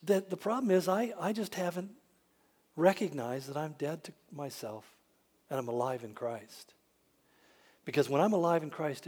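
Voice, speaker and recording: A man's voice: a little high, moderate pace, husky. A man preaching a sermon as a pastor, telling stories with dry humor and acting out the voices of people he quotes. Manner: animated storyteller who acts out quoted voices with dry humor.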